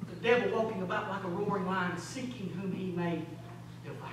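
Emphatic preacher in an echoing sanctuary. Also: male voice, fairly even intonation, a little fast. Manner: emphatic, swings between loud exhortation and low intensity; rhetorical questions, folksy asides. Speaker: pastor. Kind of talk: sermon. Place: large church sanctuary. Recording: very echoey hall, distant mic, faint hum.

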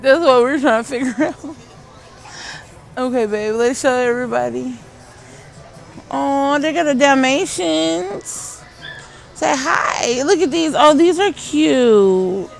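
High, slow-talking woman cooing at puppies. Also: creaky, soft background music. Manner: cooing, baby-talk at puppies. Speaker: vlogger. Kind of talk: casual vlog narration. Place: pet store.

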